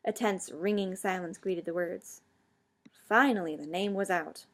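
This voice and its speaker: A woman's voice: fairly low pitch, measured pace. Woman reading her story, stumbling now and then. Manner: stumbles and corrects misreadings. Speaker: fan fiction reader.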